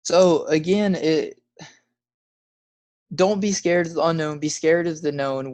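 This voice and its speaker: A man giving an emphatic motivational talk, urging listeners in a repetitive, preacher-like way and dropping to a hush when he tells a story. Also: a little high, steady tone, takes it slowly, pauses often. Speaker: motivational speaker.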